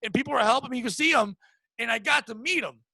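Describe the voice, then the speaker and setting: A man's voice: very high voice, quick pace, creaky, no room sound. A man hosting a podcast, telling crude, rambling stories in casual chat. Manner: crude, rambling animated storyteller. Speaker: podcast host.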